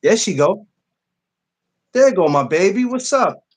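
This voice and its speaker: Male podcast host, high and very lively pitch, playful teasing banter. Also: a little slow. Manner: playful, repeats phrases, teasing. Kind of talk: casual morning chat.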